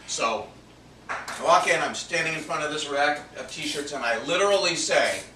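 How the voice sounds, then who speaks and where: Man preaching a personal testimony, confessional, somewhat high voice, recorded from a distance with faint noise. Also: animated, moderate pace, reverberant. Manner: earnest, confessional, drops to near-whisper for inner thoughts. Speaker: minister telling a personal story. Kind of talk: sermon testimony storytelling.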